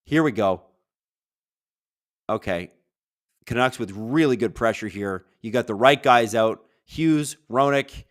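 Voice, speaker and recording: Here a mid-range male voice is captured in clean studio sound without any room echo. It's a casual live stream where he hosts a hockey watch-along, full of energy and tangents, commenting on the game and voicing chat questions out loud.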